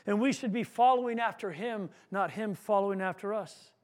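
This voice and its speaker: A man's voice: high voice, moderate pace. A male pastor preaching an earnest sermon, repeating words as he goes and acting out a story.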